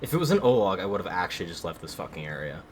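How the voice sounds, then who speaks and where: A man's voice: sits low, big pitch swings, very fast, slight background noise. A man casually commenting while he plays a video game on a stream, wry and sardonic, swearing freely.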